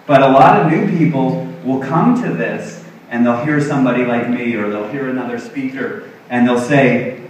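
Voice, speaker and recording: A man's voice: mid-range voice, a little hiss or hum. Middle-aged male health coach, self-deprecating stage talk, big reverberant hall, distant mic. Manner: earnest, self-deprecating, acts out quotes. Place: large expo hall stage.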